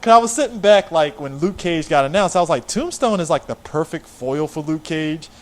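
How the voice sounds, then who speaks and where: A man's voice: a little high, animated, brisk. A man hosting a casual film chat podcast, laid-back and swearing freely, often trailing off and restarting. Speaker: podcast host.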